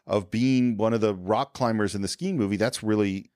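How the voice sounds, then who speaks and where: A man's voice: fairly low pitch, normal speed, darkish tone, no room sound, studio quality. A man co-hosting a film podcast, casually retelling a movie scene by scene and briefly acting out the characters' lines. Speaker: podcast co-host.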